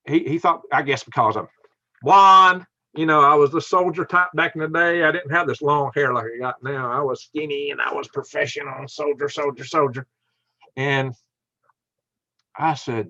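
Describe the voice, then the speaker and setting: An older man talks casually to his livestream viewers, rambling through fillers and restarts. His pitch swings widely and lively from line to line. The sound is dry and a little muffled. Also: fairly quick, breathy edge, no room sound. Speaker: livestream host.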